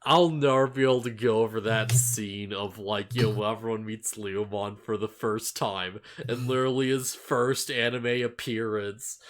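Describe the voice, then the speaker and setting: A man's voice: on the low side, fairly even intonation, normal speed, few pauses. A man chatting casually on a podcast about an anime episode, rambling with lots of fillers and restarts and laughing often. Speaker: podcast co-host.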